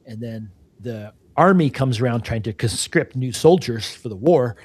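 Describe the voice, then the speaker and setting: A man's voice: medium pitch, lively intonation, moderate pace, a little mellow, husky, no room sound. A man co-hosting a casual interview podcast, talking in a reflective, rambling way with many restarts and "you know"s. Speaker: podcast co-host.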